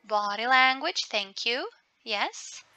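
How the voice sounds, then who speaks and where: A woman's voice: on the high side, expressive, slow, pushed and bright, dull audio. A woman communication coach teaching a webinar, explaining by example and asking the group questions.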